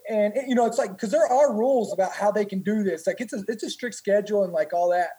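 A man's voice: sits high, fast, mellow, breathy edge, rough recording. Rambling, profane male veteran guest. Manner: rambling, profane, many restarts. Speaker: guest, former Marine. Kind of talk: casual storytelling.

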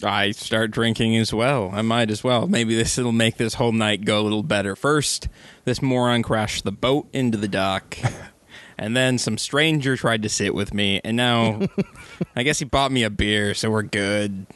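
A man's voice: fairly low pitch, normal speed, a bit bright, clean tone, no echo. A man playing a tabletop game, speaking in character with grumpy sarcasm. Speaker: player.

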